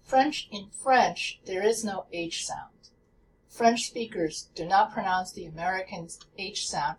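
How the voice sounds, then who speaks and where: A woman teaching a pronunciation lesson, speaking slowly and deliberately and repeating example words. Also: mid-range voice, distant mic, a little hiss or hum, rough recording. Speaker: language teacher.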